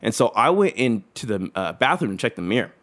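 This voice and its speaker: A man's voice: fairly low pitch, sing-song, fairly quick, a bit bright. A young adult man telling a long personal story in casual chat, rambling with lots of fillers and swearing.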